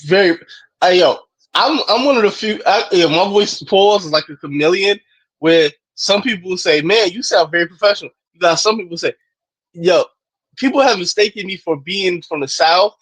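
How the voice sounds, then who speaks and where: A man co-hosting a podcast in casual chat, animated and laughing, slipping into impressions as he talks. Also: sits high, moderate pace, low-quality recording. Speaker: podcast co-host.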